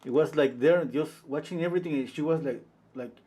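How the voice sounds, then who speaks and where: A man in his fifties, a portrait painter chatting casually on a livestream and telling rambling, animated stories. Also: a little high, fairly quick. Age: 50s. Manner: rambling, animated storytelling full of "you know".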